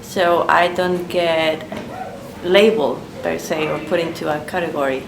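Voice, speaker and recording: A woman from Spain with a Spanish accent, answering interview questions thoughtfully with frequent pauses and ums. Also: deep voice, fairly even intonation. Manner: hesitant, thoughtful, many ums. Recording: echoey room with clear background noise.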